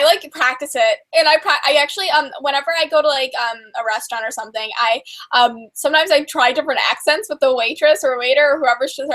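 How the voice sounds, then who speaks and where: Young woman, high voice, bubbly rambling chat, lots of fillers, casual live stream. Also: a bit bright, low-quality recording. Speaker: host.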